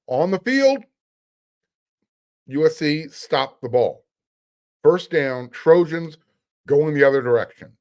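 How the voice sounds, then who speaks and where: A man's voice: mid-range voice, darkish tone. A middle-aged man hosting a sports podcast, talking casually in an emphatic, sarcastic, fired-up way.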